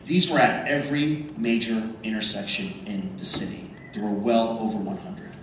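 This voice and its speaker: A man speaking at a convention panel, telling a story over slides in an animated way and calling the audience "folks". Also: fairly low pitch, moderate pace. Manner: animated, addresses the crowd as folks. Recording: echoey hall from far off, noisy.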